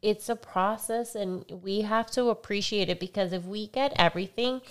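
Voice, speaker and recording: A woman in her thirties co-hosting a casual faith-based podcast, earnest and reflective, sometimes soft-spoken. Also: mid-range voice, normal speed. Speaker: podcast co-host.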